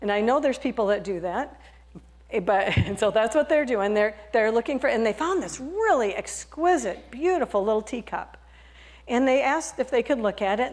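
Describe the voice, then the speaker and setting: A woman pastor preaches in an earnest, conversational way, slipping into storytelling. Her voice sits somewhat high, and she often restarts phrases mid-thought. It sounds like a sermon delivered from a church mic.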